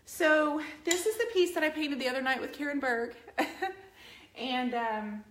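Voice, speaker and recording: A woman's voice: high-pitched, animated, unhurried, fairly bright tone, slight background noise. Earnest woman painter in an echoey room. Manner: earnest, emphatic, speaks directly to viewers. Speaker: furniture painting instructor streaming live. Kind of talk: live painting stream chat. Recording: roomy echo.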